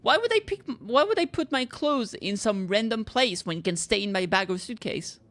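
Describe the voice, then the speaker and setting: A woman's voice: medium pitch, expressive, normal speed, fairly bright tone, slight background noise. A young woman streaming a game, swearing freely and joking bluntly as she plays. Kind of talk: casual gameplay commentary. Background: game music.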